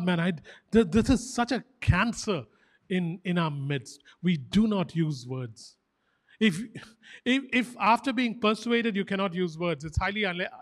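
A pastor delivers a fervent sermon in a high-pitched male voice. He drives points home by repeating short phrases with emphatic insistence. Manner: fervent, animated exhortation.

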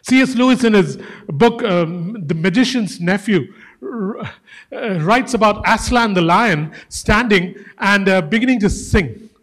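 A man's voice: high voice, animated, unhurried, fairly bright tone, in a large hall. A male preacher giving a sermon, emphatic, repeating key phrases and calling his listeners guys.

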